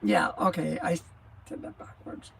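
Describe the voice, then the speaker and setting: A woman in her sixties chats slowly and loosely on a livestream, drifting off topic and laughing. Her voice is gravelly and scratchy with a rattle. It also sounds a bit husky. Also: sits low, very animated, a bit bright. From New Mexico. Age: 60s. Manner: rambling, loses her train of thought, laughs often. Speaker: livestream host, truck driver. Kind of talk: casual livestream chat.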